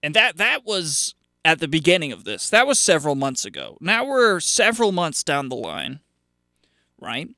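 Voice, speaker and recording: Guy doing a radio show by himself, kinda high voice, sarcastic, rambles a lot. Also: huge pitch swings, normal speed, bright, forceful tone, no room sound, clean studio sound. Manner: rambling and sarcastic, with frequent fillers and restarts. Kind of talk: casual solo radio monologue.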